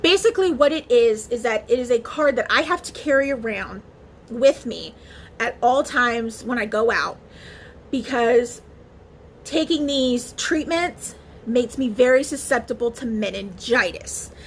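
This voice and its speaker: A woman's voice: a little high, lively intonation, measured pace, a little hiss or hum. A woman vlogger talking casually to camera in a chatty, emotional way, with many fillers and restarts. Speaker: beauty vlogger.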